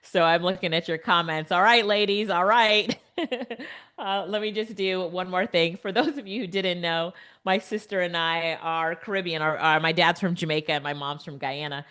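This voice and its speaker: Brief: middle-aged woman instructor, low-ish voice, upbeat and chatty, live webinar on a computer mic. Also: normal speed, fairly bright tone, smooth. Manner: upbeat, laughs often, chatty asides to the viewers. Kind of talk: live online teaching demo. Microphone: computer mic on a video call.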